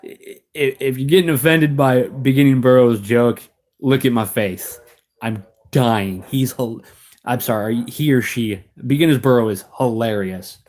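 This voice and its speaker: A man's voice: medium pitch, unhurried, darkish tone. A young adult American man chatting casually on a live stream, rambling, laughing often and restarting his sentences.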